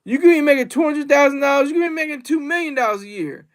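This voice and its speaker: A man's voice: very high-pitched, fast. A man rambling through a casual livestream monologue, repeating himself and reading out the chat. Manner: rambling and repetitive, reads chat aloud.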